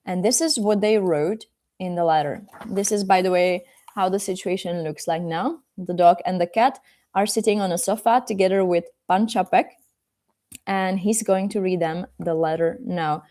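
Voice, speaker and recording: A woman language teacher reading a children's story aloud in a live lesson, chatting casually and filling pauses with "like" and "uh.". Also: on the low side, mellow. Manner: casual and chatty, with frequent fillers. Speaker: Czech teacher.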